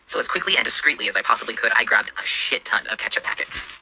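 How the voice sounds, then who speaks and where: Young man, storyteller, sarcastic and profane, quick delivery, very bright tone. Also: lowish voice, creaky, rough recording. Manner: sarcastic, swears a lot. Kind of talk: casual storytime narration.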